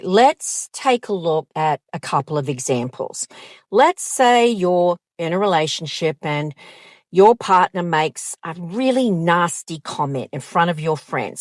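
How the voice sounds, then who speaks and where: Brief: woman counsellor host, lowish voice, unhurried emphatic delivery, dry close sound. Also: no room sound. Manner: direct, emphatic, acts out quoted lines. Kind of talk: advice monologue to camera.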